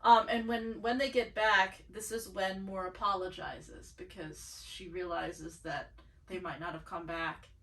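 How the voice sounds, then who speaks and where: A woman's voice: on the low side, steady tone, measured pace, a bit bright, recorded from a distance, rough recording. Woman thinking aloud, a bit off-mic. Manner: thinks aloud with many fillers and restarts. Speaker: podcast co-host. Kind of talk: casual book club chat.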